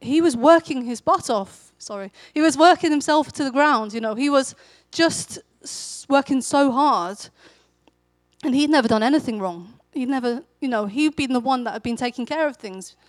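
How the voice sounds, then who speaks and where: A woman with a fairly high voice preaches a sermon in an easy, conversational way. She tells the story as if chatting, and her voice lifts with energy when she acts out a character's lines. The sound is dry and close. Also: moderate pace, no echo.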